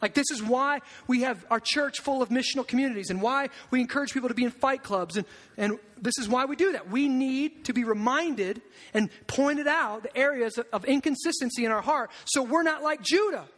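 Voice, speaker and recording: Male pastor with a very high voice, animated and emphatic sermon delivery. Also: a little fast, in a large hall.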